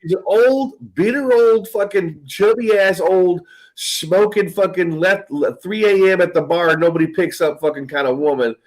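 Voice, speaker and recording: Here a man talks at a fairly high pitch while he tells a rambling story, with plenty of cursing along the way. His casual delivery breaks into laughter again and again. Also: moderate pace, few pauses. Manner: profane, rambling, laughing often. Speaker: host.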